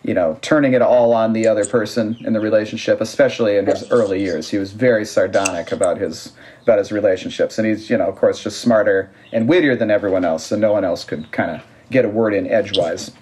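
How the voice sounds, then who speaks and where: A man's voice: fairly low pitch, fast, darkish tone, a little hiss or hum. A man co-hosting a podcast, chatting casually about music in a rambling way, often restarting sentences and laughing. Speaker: podcast co-host.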